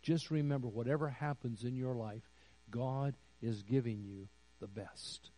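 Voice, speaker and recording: A pastor preaching a sermon slowly and deliberately, building to emphatic raised phrases. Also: male voice, medium pitch, mellow, low-quality recording. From United States. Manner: slow, deliberate preaching with rising emphatic peaks.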